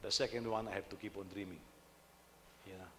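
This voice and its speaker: A man's voice: on the low side, fairly even intonation, fairly quick, pushed and bright, in a large hall, slight background noise. A man, a senior pastor, preaching a conversational sermon and often putting rhetorical questions to his listeners.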